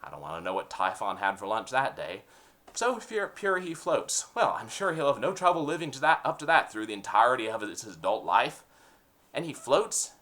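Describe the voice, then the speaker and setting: Sarcastic man ranting with lively pitch. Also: brisk. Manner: opinionated, sarcastic, punning. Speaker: host. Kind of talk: comedic rant.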